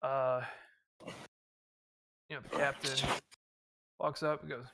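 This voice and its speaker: A man's voice: mid-range voice, flat delivery, slow, vocal fry, long pauses, bright, forceful tone. A man running a tabletop military campaign as game master, narrating with lots of filler words and briefly voicing the officers.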